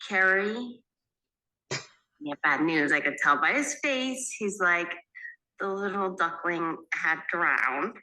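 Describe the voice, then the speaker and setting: A woman's voice: lowish voice, lively intonation, slow pace, sharp tone, rough recording. A woman telling a story in casual conversation, laughing often as she talks. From Maine. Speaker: guest storyteller.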